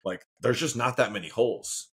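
A man's voice: mid-range voice, brisk, fairly bright tone, breathy edge. A man co-hosting a casual sports chat, laid-back, laughing often and saying "man" a lot. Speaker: co-host.

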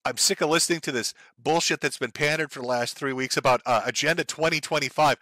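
A man's voice: on the high side, fast, sharp tone, dry recording, studio quality. A man giving a heated, profane political rant, full of sarcastic mocking impressions. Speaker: commentary streamer. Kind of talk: ranting political commentary.

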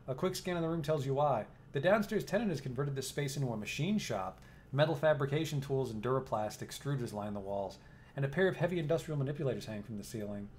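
A man's voice: mid-range voice, slight background noise. A young man casually commenting on a game and reading its text aloud, in an offhand way with the occasional swear. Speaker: let's play host.

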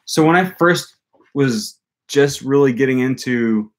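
A man's voice: medium pitch, measured pace. A young man hosting a casual livestream, answering comments and thinking aloud with many fillers. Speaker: language-learning channel host.

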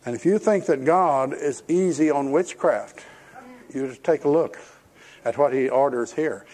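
A man's voice: medium pitch, measured pace, a little mellow. A man preaching a sermon, retelling scripture in a folksy, storytelling way with emphatic warnings.

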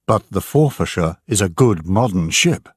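A man's voice: deep voice, animated, normal speed, husky, no room sound, studio quality. A man voicing a confident, boastful ship passenger in an audiobook. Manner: assured, boastful. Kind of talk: audiobook character voice.

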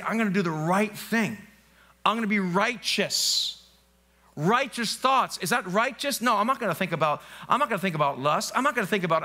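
A man's voice: sits high, sharp tone. A male pastor preaching an emphatic sermon in a church, repeating phrases and slipping into spoken prayers. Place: church sanctuary.

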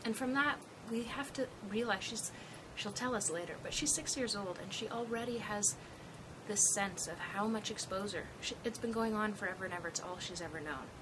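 A woman's voice: medium pitch, moderate pace, noisy background. A woman trainer giving a thoughtful, explanatory presentation as she recounts an emergency call.

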